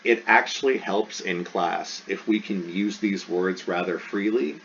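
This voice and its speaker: A man with a very low voice gives a recorded lesson and sounds enthusiastic about the subject. He says key terms slowly and repeats them. The recording is dull and lo-fi, with a faint hiss behind him. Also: fairly bright tone. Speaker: Greek teacher.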